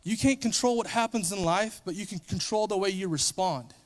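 A man's voice: high voice, a little fast. A man preaching a sermon, retelling a story in a casual, conversational way and briefly acting out the characters.

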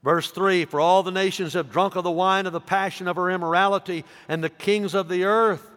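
A man preaching a sermon as pastor, emphatic, swinging between loud stresses and soft asides. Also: sits high, steady tone, a little fast. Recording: long reverb of a large hall.

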